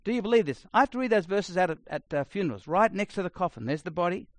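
A middle-aged man preaching a sermon, blunt and conversational, swinging between loud emphasis and quiet asides. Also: sits high, expressive, quick pace, dry recording. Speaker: pastor.

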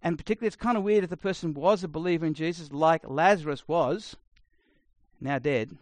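A middle-aged man preaching a sermon, blunt and conversational, swinging between loud emphasis and quiet asides. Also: on the high side, fairly quick, no room sound. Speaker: pastor.

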